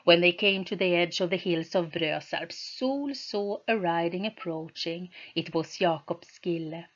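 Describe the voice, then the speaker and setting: A woman reading a novel aloud on her channel, slow and deliberate. Her voice sits somewhat low. The recording sounds dull and lo-fi.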